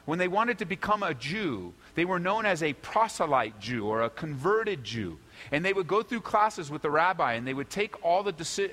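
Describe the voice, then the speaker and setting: A middle-aged man preaching a sermon as pastor, emphatic and lively, acting out quoted apologies. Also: fairly high pitch, big-room sound.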